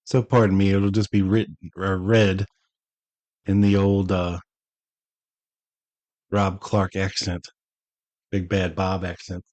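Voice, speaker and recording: A man hosting a podcast, reading an old statement aloud and breaking off for relaxed, chatty asides with drawn-out emphasis. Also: low voice, no room sound, low-quality recording. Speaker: podcast host.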